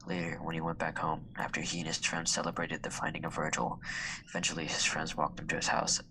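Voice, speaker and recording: A man reading a story aloud in a hushed, half-whispered way. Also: very deep voice, monotone, fast talker, background noise. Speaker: student reader.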